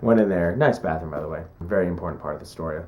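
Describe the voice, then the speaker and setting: Low-voiced young man telling a story. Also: rapid-fire, darkish tone. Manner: chatty, joking, acts out quotes. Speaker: vlogger. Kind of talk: casual storytelling.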